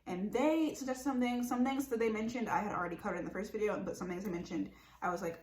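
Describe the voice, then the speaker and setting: A woman's voice: medium pitch, fast, a little mellow. A young woman talking casually to camera about mental health, chatty and full of likes and ums. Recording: roomy echo.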